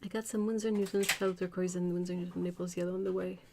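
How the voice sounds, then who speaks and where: A woman's voice: lowish voice, flat delivery, fast, gravelly, background noise. Giggly French Canadian woman streaming. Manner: giggly, laughs often between sentences. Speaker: art livestream host. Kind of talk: casual livestream chat while painting.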